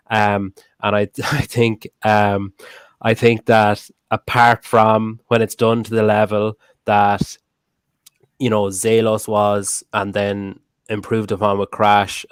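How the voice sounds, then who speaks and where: Male podcast host, low-ish voice, blunt and sweary, dry close recording. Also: smooth, no echo. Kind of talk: casual chat.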